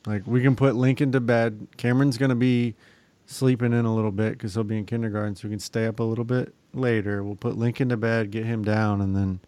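A man's voice: on the low side, brisk, no echo. A man in his thirties telling a long story in casual chat, swearing freely and acting out other people's lines. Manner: profane, animated, mimics other people in quotes.

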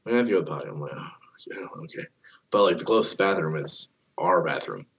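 Low husky man in casual chat. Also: expressive, very fast, a bit bright, lo-fi sound. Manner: swears freely, acts out quotes in a raised voice.

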